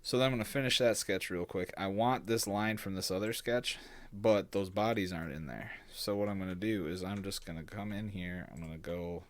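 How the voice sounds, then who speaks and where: A man's voice: deep voice, brisk, no room sound. A man casually talking through a design tutorial, thinking aloud, humming and muttering to himself. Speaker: bait designer teaching CAD. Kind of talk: casual screen-recorded tutorial.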